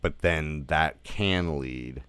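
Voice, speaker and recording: A man's voice: extremely low pitch, very slow, fairly bright tone, clear, resonant tone, no room sound. A man giving a casual spoken film review, rambling with lots of fillers like "like" and "you know", and swearing now and then.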